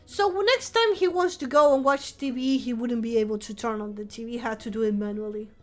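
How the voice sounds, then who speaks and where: A woman streamer chatting casually with her viewers in a soft, playful voice while recovering from the flu. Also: a little high, brisk, soft background music. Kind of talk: casual live-stream chat.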